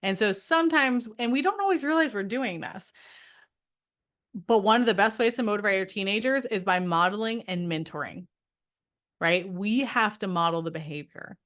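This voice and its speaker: A middle-aged woman with a medium-pitched, slightly bright voice speaks at a normal pace with lively intonation. Working from home with a dog nearby, she coaches homeschool parents in an online training, talking conversationally, often checking in with "right?" and acting out the voices of parents and teens.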